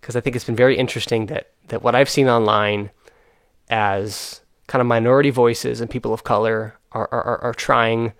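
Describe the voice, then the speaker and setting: Brief: young adult male host, earnest and frustrated, halting with fillers, dry close recording. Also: medium pitch, flat delivery, a bit bright, no room sound. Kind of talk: casual chat.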